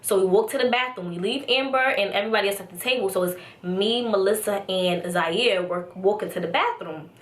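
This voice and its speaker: A young adult woman vlogger telling a casual story-time tale, chatty and animated, with lots of "like" and "so". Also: mid-range voice, fairly quick, hardly any pauses. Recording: roomy echo.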